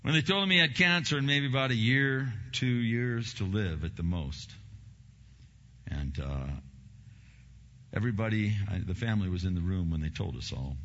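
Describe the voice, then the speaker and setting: Deep-voiced, bright preaching man. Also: animated, normal speed, muffled recording. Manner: personal storytelling building to fervent preaching. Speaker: pastor. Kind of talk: sermon.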